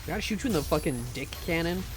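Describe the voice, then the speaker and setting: A man's voice: a little high, animated, rapid-fire, soft background music. A man streaming a game live, joking around as he plays and reads chat, often repeating words while he talks. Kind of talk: live gameplay commentary and chat reading.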